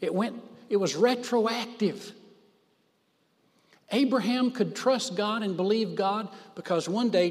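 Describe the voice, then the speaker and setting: A man preaching a sermon in a slightly high voice, leaning hard on key words. He talks very slowly and stretches his phrases out for emphasis. His voice rings with the long reverb of a large hall. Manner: emphatic, drawn-out phrases for stress.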